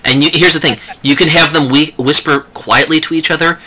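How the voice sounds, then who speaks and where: Very bright-voiced male game master. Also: fairly high pitch, fairly even intonation, a little fast, breathy edge. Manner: chatty, laughing often, restarts sentences. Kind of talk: running a tabletop game.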